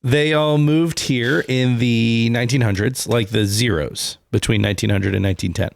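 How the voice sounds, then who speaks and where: A man's voice: mid-range voice, fairly even intonation, moderate pace, vocal fry, slight background noise. A man co-hosting a podcast from a small studio, laying out facts in a dry, matter-of-fact way during casual chat. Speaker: podcast co-host. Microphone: studio mic with headphones.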